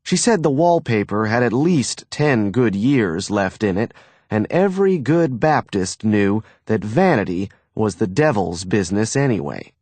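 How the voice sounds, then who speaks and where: Narrating an audiobook in a fairly low, unhurried voice, this man tells the story expressively. The recording has no echo.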